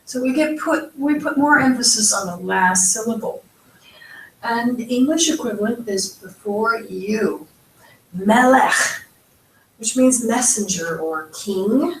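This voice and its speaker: A woman's voice: fairly high pitch, measured pace, recorded from a distance, slight background noise. A woman from the United States teaching a beginners' language lesson, patiently spelling out each sound step by step. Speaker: Hebrew teacher. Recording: echoey room, voice from off-mic.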